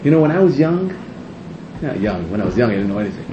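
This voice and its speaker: A man, a rabbi, giving an animated, rambling sermon to a live audience, interrupting himself and rising to near-shouts. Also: fairly low pitch, quick pace, background noise. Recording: echoey room, muffled sound.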